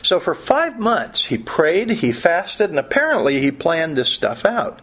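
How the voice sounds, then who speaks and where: A man delivers a sermon in an easygoing, conversational style, moving between scripture and wry asides. His voice sits a little high and has a husky, rough edge to it. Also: sing-song, measured pace, a bit bright. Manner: conversational preaching with humorous asides. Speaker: pastor.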